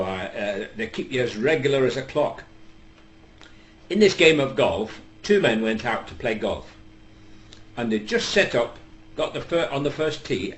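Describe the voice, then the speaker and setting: An older man with a Northern English accent telling a long, rambling comic story, deadpan and full of hesitations. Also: medium pitch. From England. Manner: deadpan, digressive, lots of hesitations. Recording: echoey room with faint background hum.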